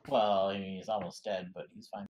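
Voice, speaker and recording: A man's voice: low voice, level tone, a little fast, darkish tone, muffled recording, a little hiss or hum. A man playing a tabletop game, thinking aloud with hesitant restarts. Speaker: player. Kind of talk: casual tabletop game talk.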